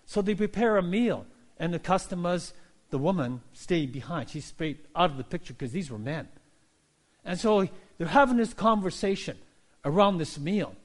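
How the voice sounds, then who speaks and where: A male pastor preaching a sermon, telling stories in an animated way and acting out characters. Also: sits high, moderate pace. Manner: animated storytelling, voicing characters.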